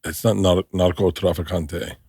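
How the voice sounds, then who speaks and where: A man's voice: sits low, flat delivery, normal speed, gravelly, a little mellow, slightly rough, dry recording, studio quality. A man hosting a podcast, rambling casually and swearing a lot, often restarting his sentences. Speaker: podcast host. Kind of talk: casual chat.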